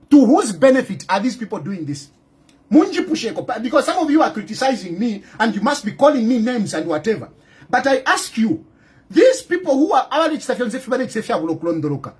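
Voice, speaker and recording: A man's voice: extremely high pitch, big pitch swings, fairly quick, slightly rough. A Zambian man in an impassioned video monologue, indignant and firing off repeated rhetorical questions. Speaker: political commentator. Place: in exile abroad.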